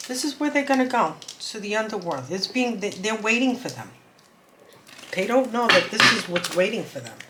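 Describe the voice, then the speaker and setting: A woman's voice: medium pitch, big pitch swings, moderate pace, noisy background. A woman giving an intuitive card reading to her viewers. She talks earnestly, repeats words and urges her listeners on. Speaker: spiritual card reader.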